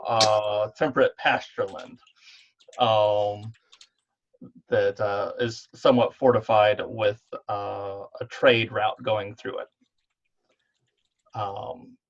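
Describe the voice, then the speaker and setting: Male game master, slow and halting, muffled call sound. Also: mid-range voice. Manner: hesitant, many ums. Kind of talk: narrating a tabletop game online. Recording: dull online call audio.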